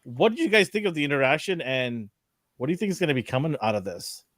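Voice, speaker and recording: A man's voice: on the high side, very animated, fast, fairly bright tone, no echo, studio quality. A man hosting a casual review podcast, teasing his co-hosts, laughing often and steering the discussion. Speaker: podcast host leading the discussion. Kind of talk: casual chat reviewing a TV episode.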